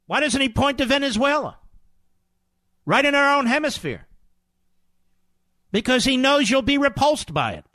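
Middle-aged male talk radio host; sarcastic, emphatic, repeats for punch; higher voice, dead-dry studio. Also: sing-song, moderate pace, long pauses, pushed and bright, dry recording. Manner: combative, sarcastic, emphatic repetition. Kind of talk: political talk radio monologue.

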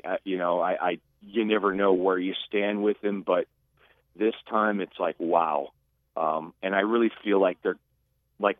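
Low-pitched male radio caller, earnest, stumbling, heard over a muffled dry line. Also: no echo. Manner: halting, many restarts, earnest. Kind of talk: phoned-in radio chat.

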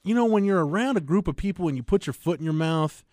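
Man calmly breaking down football film. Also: high voice, fast, no echo, clean studio sound. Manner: analytical, breaks down plays. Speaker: podcast co-host and film analyst. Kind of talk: casual sports talk.

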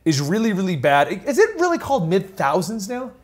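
Young guy, high husky voice, bouncy delivery, laughs a ton, teasing his friends on a comics show. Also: wildly swooping pitch, a little fast. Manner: laughs a lot, playful teasing. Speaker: comic book video host. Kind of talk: casual podcast chat.

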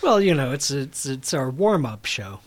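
A man's voice: medium pitch, sing-song, normal speed. A man co-hosting a casual podcast, making playful, quirky comparisons. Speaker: podcast co-host. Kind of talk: casual chat over a call.

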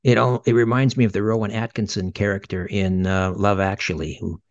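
Low-voiced male interview host, casual asides, muffled lo-fi sound. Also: steady tone, a little fast, dry recording. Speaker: radio show host.

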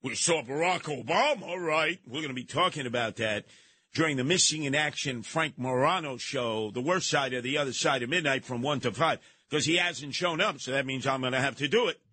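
A man hosting a talk radio show, delivering a brash, mocking monologue with frequent shouting and a New York accent. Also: mid-range voice, fairly quick.

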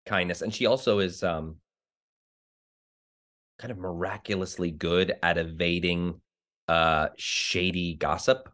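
A middle-aged man from New Jersey, a Broadway actor being interviewed, telling stories in an animated way and acting out the voices of the people he quotes. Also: deep voice, unhurried, long pauses. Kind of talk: conversational interview.

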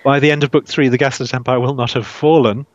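A man being interviewed about his writing, speaking thoughtfully with frequent restarts and soft laughs. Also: mid-range voice, fairly even intonation, fast, no echo. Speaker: author guest. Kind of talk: casual interview. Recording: dull dry lo-fi sound.

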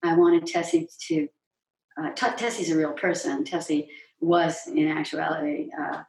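Chatty actress, roomy and distant. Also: female voice, low-pitched, sing-song, moderate pace, creaky, darkish tone. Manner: chatty, self-interrupting, acts out quotes. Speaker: stage actress and guest. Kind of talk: anecdotal interview storytelling. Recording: roomy echo, distant mic.

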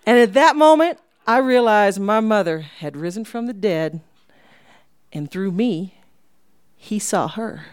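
Animated woman telling a story. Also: mid-range voice, a little slow, dry recording, studio quality. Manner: animated, drops to whispers for effect. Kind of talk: live storytelling. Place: small live venue.

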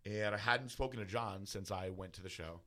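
Male guest, deep voice, candid profane personal story. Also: brisk, fairly bright tone. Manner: casual, profane, heavy use of filler words. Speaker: guest bodybuilder.

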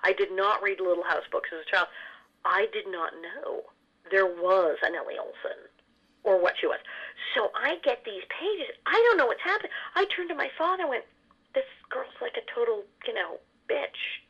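A woman guest in a casual interview, telling stories in an animated way and laughing often. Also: medium pitch, lo-fi sound. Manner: animated, quick storyteller who laughs often. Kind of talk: casual storytelling chat.

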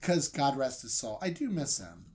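A man's voice: mid-range voice, very animated, moderate pace, a little mellow. A man telling a comedic story in a rambling way, often breaking into laughter. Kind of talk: comedic retelling.

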